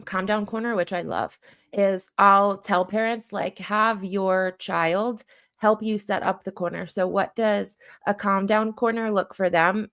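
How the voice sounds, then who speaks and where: A woman guest speaks casually in an interview, her talk full of "like" and restarts. She acts out little quoted exchanges in a livelier voice. Her pitch sits in a typical middle range. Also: a bit bright, clean tone. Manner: chatty, heavy use of "like" and self-corrections; plays out little dialogue bits in a raised voice. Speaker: guest who counsels children and parents.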